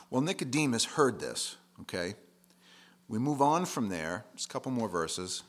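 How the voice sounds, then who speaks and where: A man's voice: mid-range voice, lively intonation, normal speed. A man preaching a sermon in a conversational, plain-spoken way, leaning hard on key words.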